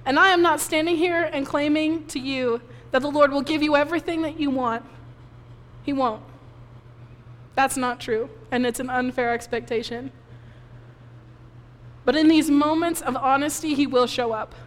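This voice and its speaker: A woman pastor preaching a sermon, giving an emotional personal testimony while crying softly. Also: high-pitched, moderate pace, long pauses. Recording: long reverb of a hall.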